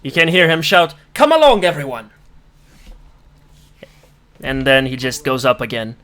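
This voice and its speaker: A man's voice: medium pitch, brisk, bright, forceful tone, clear, resonant tone. A man running a tabletop game as game master, rambling and swearing casually while he sets up the map.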